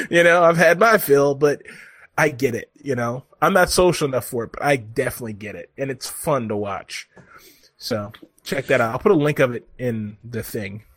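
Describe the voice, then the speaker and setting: A man co-hosting a podcast in casual chat, animated and rambling, laughing often. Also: medium pitch, no echo. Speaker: podcast co-host.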